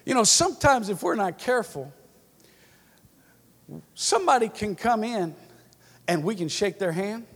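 A man's voice: sits high, expressive, unhurried, long pauses, fairly bright tone. A male pastor preaching a sermon in a church, telling folksy stories with many restarts and building to fervent exhortation. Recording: long church-hall reverb.

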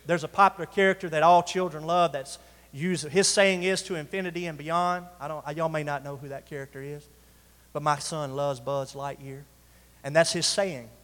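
Guy preaching to the congregation, high voice, drawn-out emphasis, church reverb. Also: fairly even intonation, a bit bright. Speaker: pastor. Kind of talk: sermon. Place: church sanctuary.

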